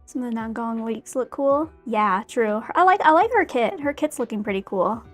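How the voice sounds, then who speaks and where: Bubbly high-voiced young woman. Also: animated, moderate pace, faint music behind. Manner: bubbly, rambling, giggly. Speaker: streamer painting a figure. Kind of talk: casual chat while crafting.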